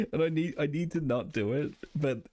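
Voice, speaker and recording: A man's voice: a little high, mellow, no echo. A man streaming a game live, muttering to himself casually, swearing and laughing often.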